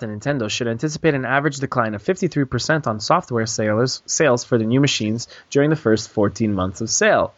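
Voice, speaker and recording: A man's voice: mid-range voice, muffled recording. A man hosting a gaming podcast, joking and teasing his co-host in casual, rambling banter.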